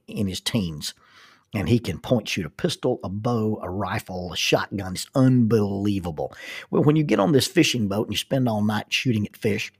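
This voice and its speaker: A man's voice: fairly low pitch, slightly rough. A middle-aged man telling a rambling, self-deprecating personal story, with frequent restarts.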